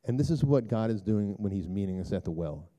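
A middle-aged man speaks to a church group in a rambling, chatty sermon style. His voice sits low and sounds deeply mellow and dark. He leans on filler words and keeps clearing his throat. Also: animated, fairly quick. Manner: turns hushed and low for prayer. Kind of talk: storytelling sermon talk.

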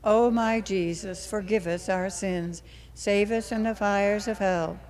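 A woman leading the rosary, reciting prayers in a steady, measured rhythm with line endings that trail off softly. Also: mid-range voice.

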